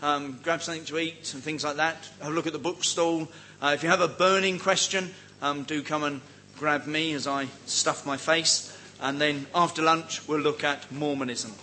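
A man's voice: a little high, fairly even intonation, normal speed, sharp tone, slight background noise, rough recording. Wry man giving a teaching talk. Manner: chatty and wry, with many ums and asides. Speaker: seminar speaker on cults.

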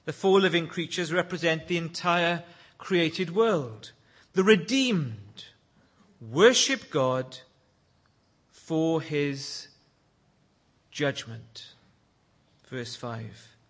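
A man's voice: lively intonation, extremely slow, pauses often. A man preaching a sermon, leading prayer and reading scripture aloud in an earnest way. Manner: earnest, rising to loud exclaims when quoting praise; leads prayer in a hushed, low voice.

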